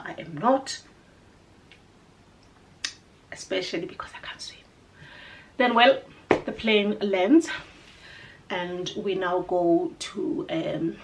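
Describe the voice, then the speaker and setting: A South African woman whose first language is Sepedi tells a personal travel story in casual chat. She is animated, swings from loud exclamations to hushed asides, and slips into Sepedi mid-sentence. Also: lowish voice, slight background noise. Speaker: vlogger telling a personal story.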